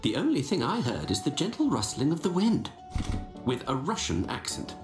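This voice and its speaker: A woman voicing a brisk, confident detective in a game, teasing and theatrical, with music and echo behind. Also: low-pitched, very animated. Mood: wry. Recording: game audio, echoey with music.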